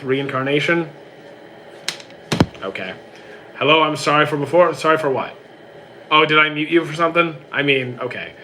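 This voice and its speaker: Quick, bright-voiced young man streamer. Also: on the high side, a little hiss or hum. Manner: quick, reads questions aloud then answers briefly. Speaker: streamer answering chat. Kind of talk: casual live-stream chat.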